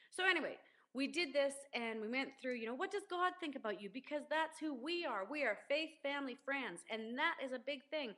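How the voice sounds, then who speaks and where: High-pitched middle-aged mom on a webcam, earnest and preachy, keeps repeating herself. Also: female voice, fairly bright tone. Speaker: parent vlogger. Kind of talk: casual parenting advice talk.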